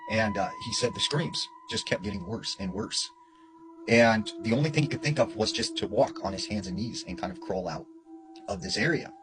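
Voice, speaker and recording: A man's voice: on the low side, wildly swooping pitch, moderate pace, poor audio. A man retelling a story in a casual, conversational way, with lots of "you know" and "like". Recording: music playing underneath.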